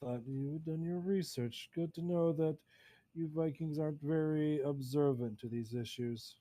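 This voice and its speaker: A man voicing a cold male gecko contact on a video feed, speaking in a flat, robotic monotone. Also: a little high, moderate pace, no echo, close to an everyday voice.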